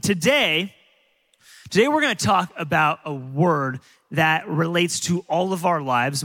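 A man preaching a sermon as a pastor, telling stories in an animated way with frequent restarts. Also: high voice. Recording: long hall reverb.

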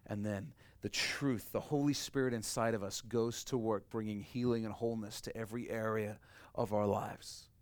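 A man preaching a sermon, swinging from loud emphatic peaks to soft, quiet lines and repeating key phrases for emphasis. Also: lowish voice, steady tone, normal speed, no room sound. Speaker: pastor.

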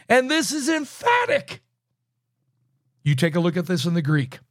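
A man teaching through a Bible book verse by verse, emphatic, with loud bursts and low asides. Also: very animated, moderate pace, long pauses, no echo, clean studio sound.

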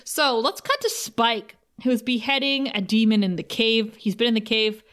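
Woman cohost, kinda high voice, giggly and opinionated, casual tv recap chat. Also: normal speed, a bit bright. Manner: opinionated, giggly, reads quotes aloud. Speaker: podcast co-host.

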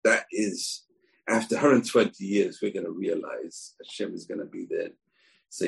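A man teaching a weekly Torah portion class, telling the story in an animated way, acting out the quotes and often pausing on uh. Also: low-pitched, creaky. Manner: animated storytelling, acts out quotes, frequent uh fillers.

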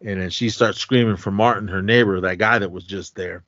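Man, podcast co-host, low-pitched, casual plot recap, acts out quotes, dry dull audio. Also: fairly even intonation, a bit bright, no room sound. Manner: retells scenes with quick acted-out quotes.

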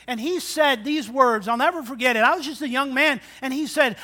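A man in his sixties, a pastor preaching a sermon, swinging between loud emphatic lines and quiet asides. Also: very high-pitched, brisk, hardly any pauses. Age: 60s.

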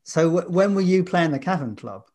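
A man's voice: sits high, animated, moderate pace, a little mellow. Jovial middle-aged man hosting. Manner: jovial, frequent laughter. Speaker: host. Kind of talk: conversational interview.

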